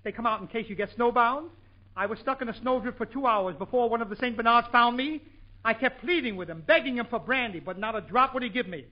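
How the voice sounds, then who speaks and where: A comedian hosting a 1940s radio comedy show, rattling off jokes with bursts of excitement. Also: male voice, very high-pitched. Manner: rapid joke delivery with bursts of excitement. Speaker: comedian host. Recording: dull old radio broadcast recording.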